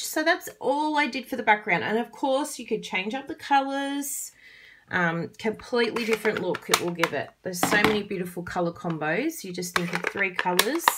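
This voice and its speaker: A woman's voice: medium pitch, noisy background. A woman with an Australian accent giving a chatty, casual card-making tutorial, laughing often.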